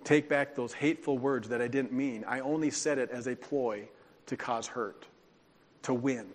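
A man's voice: mid-range voice, normal speed. A man preaching a sermon as a pastor, telling his own testimony in an earnest, confessional way. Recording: long hall reverb.

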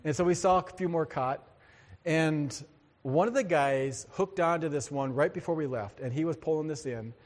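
A man's voice: fairly high pitch, moderate pace, in a large hall. A male pastor preaching a sermon in a church, in a conversational way with joking asides to the congregation.

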